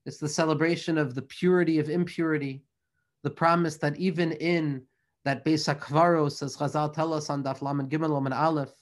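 A man's voice: on the high side, fairly even intonation, moderate pace. Earnest man giving a religious lecture. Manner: earnest, flowing, mixes in Hebrew and Yiddish terms. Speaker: Torah teacher.

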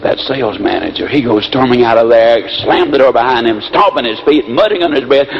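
A man giving a motivational speech, telling folksy stories in an animated way, on a muffled lo-fi recording. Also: mid-range voice, a little fast, few pauses. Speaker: motivational speaker. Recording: muffled lo-fi with faint hiss.

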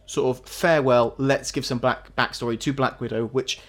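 A man's voice: mid-range voice, steady tone, normal speed. A man co-hosting a casual film review chat, opinionated and blunt, often restarting his sentences with a chuckle. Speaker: podcast co-host.

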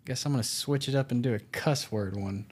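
A woman's voice: rumbling low, fairly quick, darkish tone, breathy edge. A woman co-hosting a podcast in casual chat, blunt and dry, swearing casually. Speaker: podcast co-host.

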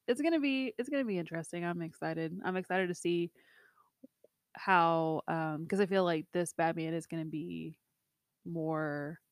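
Chatting casually as a podcast co-host, a woman laughs frequently and fills her talk with fillers. Her voice is on the low side at a moderate pace, in a dry, clean studio recording.

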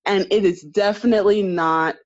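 A woman's voice: mid-range voice, fairly even intonation, moderate pace, highs cut off. A woman co-hosting a casual TV recap chat, emphatic and opinionated, repeating her points. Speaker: podcast co-host.

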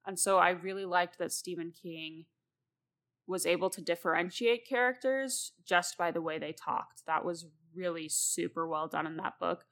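A woman's voice: on the low side, moderate pace, a bit bright. A woman host and novelist talking casually and at length about writing, rambling and laughing often.

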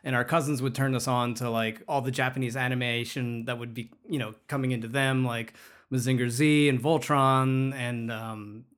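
A middle-aged man from the Philippines, co-hosting a podcast in relaxed, casual chat. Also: mid-range voice, moderate pace. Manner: relaxed, uses fillers. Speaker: podcast co-host.

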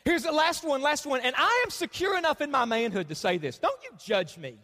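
High-voiced pastor in his thirties. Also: fairly quick. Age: 30s. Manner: animated, joking with the congregation. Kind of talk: sermon. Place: church sanctuary. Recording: long hall reverb.

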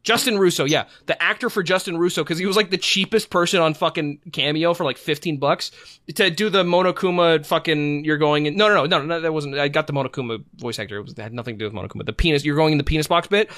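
A man's voice: on the high side, quick pace, sharp tone, no echo, studio quality. A man hosting a podcast in casual chat, rambling and cursing in frustration. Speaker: podcast host.

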